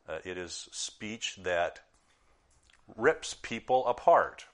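A middle-aged man giving a conversational sermon as a pastor, talking informally with many restarts and fillers and swelling louder on key words. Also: low voice.

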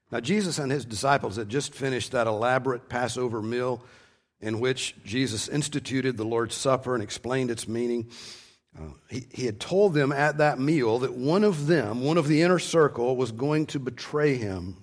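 Male preacher, middle voice, earnest expository sermon style, emphatic stresses, repeats himself. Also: mid-range voice. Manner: earnest, stresses key words slowly, frequent word repeats.

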